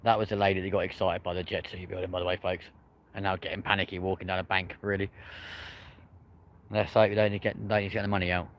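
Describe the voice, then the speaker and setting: A man's voice: sits low, little pitch movement, fast talker. Chatty Englishman streaming live beside an airport. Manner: chatty, upbeat, addresses viewers as friends and folks. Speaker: live-stream plane spotter. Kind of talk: live commentary to viewers. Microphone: phone.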